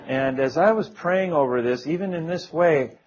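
A man's voice: on the high side, moderate pace, a little mellow. Earnest preacher man, muffled recording. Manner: earnest, conversational, with small jokes and prayed quotes. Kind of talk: sermon.

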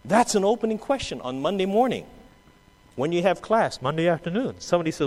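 A man preaching a sermon, swinging between loud quoted outbursts and low, quiet asides. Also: lively intonation, fairly quick. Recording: long hall reverb.

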